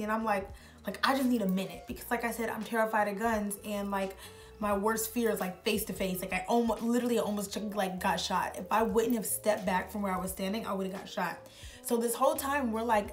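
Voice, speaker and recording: A young woman vlogger telling a story in a rambling, casual way, full of filler words. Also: medium pitch. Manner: rambling, heavy use of filler "like".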